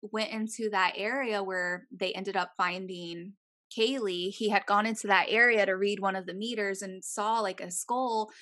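A young woman in casual chat, retelling a true-crime story with animated voices for the people in it and frequent swearing. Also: mid-range voice, moderate pace.

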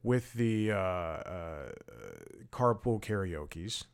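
Male podcast host with a low voice, casual and rambling, easily drifts into side stories. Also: lively intonation, extremely slow, smooth. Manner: rambling, digressive, self-amused. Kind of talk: casual talk-show commentary.

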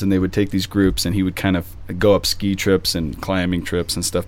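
Priest host rambling outside in the wind, lowish voice, chatty. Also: male voice. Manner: chatty, quick, self-interrupting. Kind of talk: casual podcast chat. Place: outdoors in the wind.

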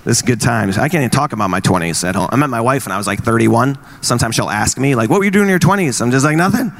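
A married man in his forties doing stand-up comedy, teasing the crowd and acting out quick exchanges in wry bits. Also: mid-range voice, lively intonation, vocal fry. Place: live venue with an audience.

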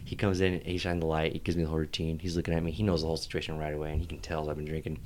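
A man's voice: a bass voice, very fast, a little hiss or hum. A man co-hosting a casual podcast, telling a long story with lots of laughter. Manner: animated storyteller, laughs often. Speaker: podcast co-host.

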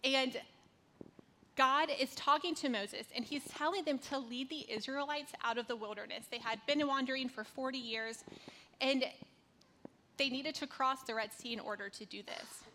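A woman's voice: high voice, moderate pace, pushed and bright, slight background noise. A woman in her thirties from North Carolina giving a conversational devotional talk, telling a personal story with casual fillers.

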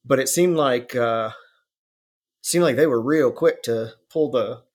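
Man, casual podcast chat, rambling, profane, laughs a lot, mid-pitched. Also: a little slow. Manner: rambling, profane, laughs often, drops into mock voices.

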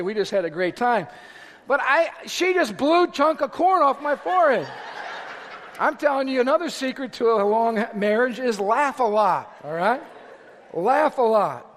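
Middle-aged male pastor, high tenor, animated sermon storyteller, reverberant hall sound. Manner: animated storytelling with shouted asides. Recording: echoey hall recording.

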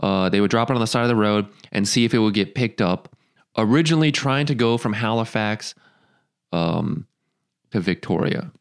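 A male podcast host in casual chat, joking and swearing, laughing often and filling pauses with ums. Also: lowish voice, gravelly, clear, resonant tone.

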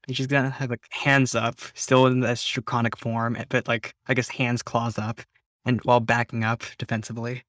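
A man's voice: medium pitch, flat delivery, moderate pace, a bit bright, dry recording. Casting: casual male player describing actions, medium voice, dry sound. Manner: loose, filler-heavy describing. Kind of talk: casual tabletop play.

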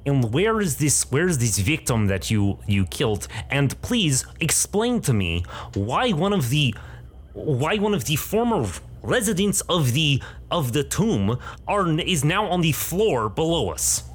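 Outraged old museum keeper, played by a man, high-pitched and scolding, in a tabletop game. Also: sing-song, measured pace, husky, heavily acted. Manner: indignant, scolding. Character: stern older woman museum keeper, scolding.

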